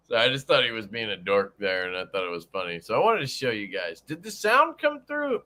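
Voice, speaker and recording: A man's voice: mid-range voice, wildly swooping pitch, fairly quick, few pauses, sharp tone. A young man hosting a casual livestream, joking, cursing freely and greeting chat viewers by name. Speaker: livestream host.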